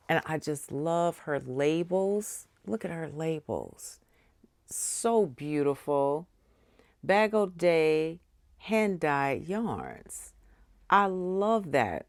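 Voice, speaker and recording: A woman's voice: low voice, lively intonation, takes it slowly, no room sound. A woman crochet vlogger unboxing yarn, gushing with gasps and squeals. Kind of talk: unboxing vlog.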